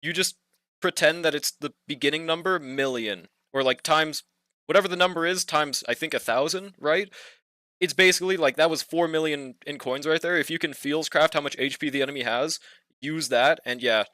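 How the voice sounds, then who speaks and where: A man's voice: a little high, normal speed, sharp tone, dry recording, studio quality. A young man streaming a game, chatting casually with viewers, slangy and laid-back, swearing and laughing often. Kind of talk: casual livestream chat while gaming.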